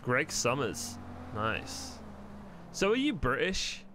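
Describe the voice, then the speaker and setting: A man's voice: medium pitch, huge pitch swings, takes it slowly, sharp tone, slight background noise. Rambling, swearing male streamer. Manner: rambling, swears freely, thinks aloud. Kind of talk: live-streamed roleplay gameplay chat.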